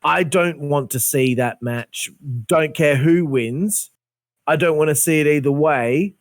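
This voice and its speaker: A man rants on a podcast, his voice sitting a little high. He swears freely and sounds exasperated. The sound is close and dry. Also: measured pace, dry recording. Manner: profane, ranting, exasperated. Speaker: podcast host. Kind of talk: heated casual rant.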